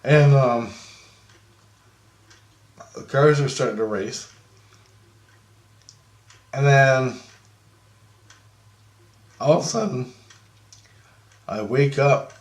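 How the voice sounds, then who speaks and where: A man telling a rambling, profane story about a dream, animated and laughing often. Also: medium pitch, very slow, long pauses. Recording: roomy echo.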